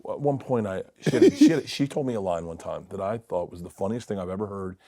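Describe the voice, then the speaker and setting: A middle-aged man telling stories in a casual podcast chat, laughing often and dropping to quiet mutters. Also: sits low, sing-song, fast talker, dry recording, studio quality. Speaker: comedian guest. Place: podcast studio.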